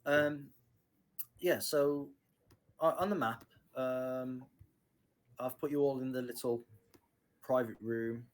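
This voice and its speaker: A man's voice: medium pitch, fairly even intonation, slow pace, pauses often. A man narrating a tabletop game as game master, hesitant with many ums.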